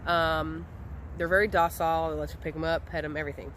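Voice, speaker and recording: A woman's voice: low-pitched, little pitch movement, fast, a bit bright, a little hiss or hum. A woman, chatting casually and rambling with lots of ums as she talks to camera outdoors by a chicken coop. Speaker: homestead vlogger.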